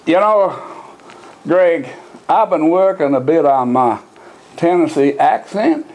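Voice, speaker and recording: A man's voice: a little high, expressive, takes it slowly, darkish tone, slight background noise, poor audio. A man in comic banter, speaking in a mock-earnest drawl.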